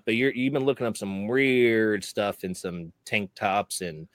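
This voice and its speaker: A man's voice: fairly low pitch, unhurried, no room sound. A man hosting a podcast in casual chat, joking around and slipping into exaggerated voices when he quotes people. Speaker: podcast host.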